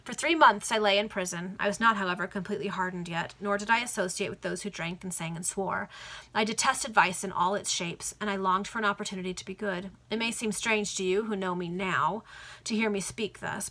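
A woman's voice: medium pitch, sharp tone. A woman earnestly reading a Victorian novel aloud to friends over a video call, now and then correcting a slip. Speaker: reader.

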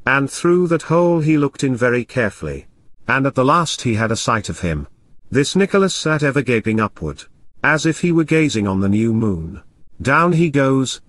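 A man reading an audiobook in measured, scripted storytelling narration. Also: mid-range voice, no echo.

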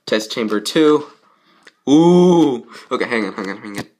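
A man's voice: mid-range voice, animated, a little slow, darkish tone. A young man reading a fan fiction aloud with rambling comments, often jumping into character voices. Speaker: fanfic reader. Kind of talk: casual fanfic read-aloud with comments.

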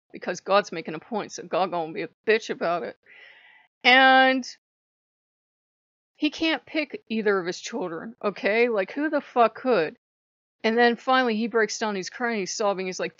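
A woman vents on her vlog, animated and sarcastic, with plenty of swearing. Her voice sits in the middle range for a woman. The recording is dull and dry. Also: medium pitch, a little slow, no room sound. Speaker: vlogger. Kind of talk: casual vlog rant.

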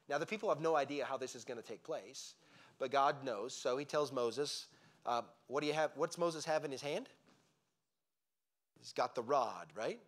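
A man teaching a Bible lesson in a church, telling the story with lively emphasis and frequent restarts. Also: mid-range voice, a little fast. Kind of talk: sermon-style Bible teaching. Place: church sanctuary.

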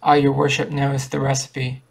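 A man reading the lines of a gossiping old woman who cackles, in his own flat, barely changed voice. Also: medium pitch, moderate pace, gravelly, husky. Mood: gossipy.

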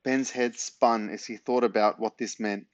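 A man reading a children's book aloud in an unhurried, relaxed way. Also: lowish voice, dry recording. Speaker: reader.

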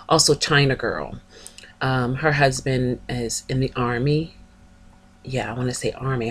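Woman vlogger, low unhurried voice, chatty and gushing; casual shout-out delivery. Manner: chatty, gushing, spells out names. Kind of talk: casual chat, shouting out channels.

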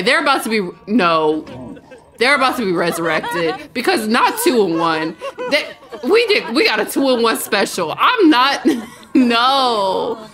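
A woman hosting a let's play, giving casual, excitable game commentary and laughing often. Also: on the high side, moderate pace, crowd noise.

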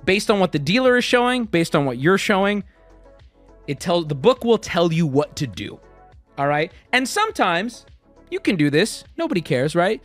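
A man in his thirties tells a casual story packed with swearing, animatedly acting out what people said. His voice is high-pitched and moderately paced, with faint music in the background.

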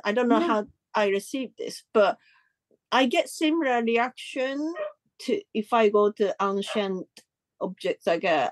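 A woman artist in a casual interview, searching for her words with many restarts and voice jumps when she tells stories. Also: no echo. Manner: lively pitch jumps when telling stories. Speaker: artist guest.

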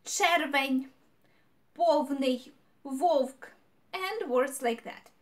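Woman teaching grammar, high voice, takes it slow and repeats words. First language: Ukrainian. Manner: explanatory, patient, repeats example words. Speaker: language teacher. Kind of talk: grammar lesson.

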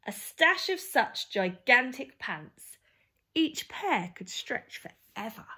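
A woman reads a rhyming children's picture book aloud with an expressive storyteller's touch. Her pitch sits fairly high and dances lively up and down, and she takes the lines slowly and deliberately. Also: husky. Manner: expressive, sing-song rhyming read-aloud. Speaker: storyteller for a family charity.

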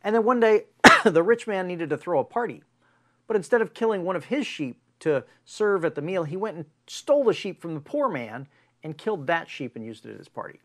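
A man's voice: high voice, sing-song, a little fast, a bit bright, heavily acted. A man voicing a stern male prophet who confronts a king with a story. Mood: storytelling.

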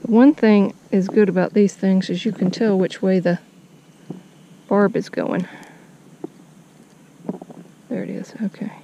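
A woman's voice: medium pitch, steady tone, measured pace, vocal fry, long pauses, muffled recording, background noise. Chatty woman fishing outdoors. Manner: chatty, talks to the fish and viewers with folksy phrases. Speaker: fishing vlogger. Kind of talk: casual narration while fishing. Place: outdoors on a kayak on the water.

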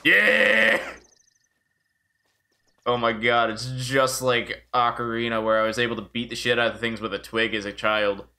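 A man's voice: medium pitch, little pitch movement, brisk, hardly any pauses, pushed and bright. A man streaming a video game live and chatting casually, joking and swearing freely as he plays. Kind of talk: casual live gameplay commentary.

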